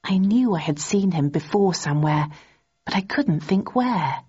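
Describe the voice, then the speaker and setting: Husky woman reading an audiobook. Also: on the low side, animated, measured pace, dark tone. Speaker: audiobook narrator. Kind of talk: first-person scripted narration. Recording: dull, muffled recording.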